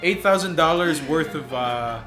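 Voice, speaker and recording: A man's voice: on the high side, animated, measured pace. A man co-hosting a gaming podcast, rambling through news with restarts. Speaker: podcast co-host. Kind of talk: casual podcast chat. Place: shared room, four hosts on one mic. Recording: roomy room with music behind.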